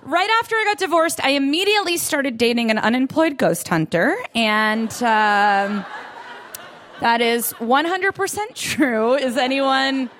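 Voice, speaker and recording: A woman's voice: high-pitched, lively intonation, measured pace, fairly bright tone. A woman in her thirties doing a self-deprecating stand-up set on a club stage, often laughing through her lines. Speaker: stand-up comedian.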